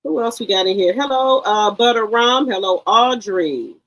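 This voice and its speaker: A woman's voice: mid-range voice, animated, moderate pace, lo-fi sound. A woman hosting a casual livestream, chatting brashly with her viewers and swearing freely. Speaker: livestream commentary host.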